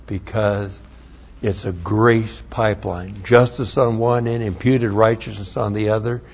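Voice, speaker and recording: A man's voice: on the low side, darkish tone, dull audio. A man teaching a sermon, studying Hebrew words, who repeats key phrases and spells out letters with emphasis. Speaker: Bible teacher.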